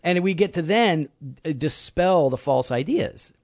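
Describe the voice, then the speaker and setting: A man, a pastor, chatting on a podcast in a relaxed teaching tone. His voice has a gravelly fry. The recording is dry and close. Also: a little high, a little slow, dry recording. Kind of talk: casual podcast chat.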